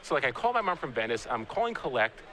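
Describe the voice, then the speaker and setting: A man in his thirties doing live game commentary, a chatty and animated storyteller who often restarts his sentences. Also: medium pitch, fast. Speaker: guest commentator, pro player.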